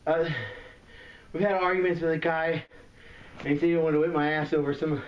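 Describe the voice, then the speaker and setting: A shaken man calling emergency services, out of breath, rambling and halting as he talks. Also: fairly high pitch, steady tone. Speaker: 911 caller. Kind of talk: emergency phone call. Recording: muffled echoey emergency call recording, distant.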